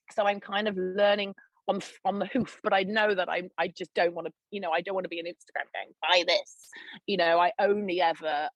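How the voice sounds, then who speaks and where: A woman in middle age, a podcast guest, telling her story in animated, candid chat with frequent laughter and swearing. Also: fairly low pitch, dry recording, dull audio. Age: 40s. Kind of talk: casual interview chat.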